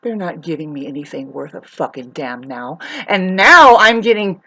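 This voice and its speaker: A woman's voice: on the low side, very animated, moderate pace, very noisy. A woman telling a personal story to camera as a vlogger, rambling and restarting, heated and swearing. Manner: rambling, repeats herself, restarts often.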